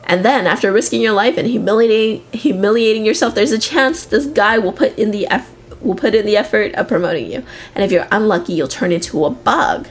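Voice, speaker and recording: A woman's voice: mid-range voice, fairly quick, natural voice. A woman voicing a tiny, smug red male devil in a video game, chatty and self-serving, who complains at length. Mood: complaining.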